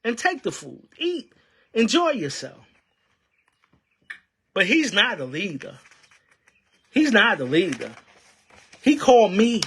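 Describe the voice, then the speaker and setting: A man's voice: high-pitched, fairly bright tone, husky. A man giving fiery, preacher-like union commentary packed with rhetorical questions. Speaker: union member and activist. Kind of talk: impassioned political commentary.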